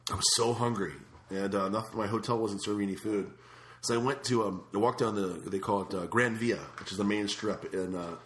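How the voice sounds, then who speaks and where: Male host, quick chatty storyteller, roomy echoey sound. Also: on the low side. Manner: animated, raises voice when quoting himself. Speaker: show host answering viewer questions. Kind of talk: casual storytelling chat. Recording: echoey room.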